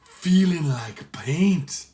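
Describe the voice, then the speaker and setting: A man voicing a rough old Irish pirate with a heavy brogue who talks in an excitable, jeering way. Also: fairly high pitch, drawn-out words. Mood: curious.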